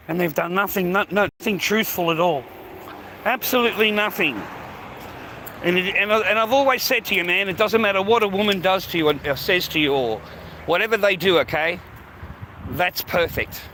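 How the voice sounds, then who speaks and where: A man's voice: high-pitched, pushed and bright, a little hiss or hum, low-quality recording. A man talking unscripted on his livestream, ranting emphatically and repeating himself, often tossing in "mate" and "man". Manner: peppers speech with "mate" and "man". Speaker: livestream host.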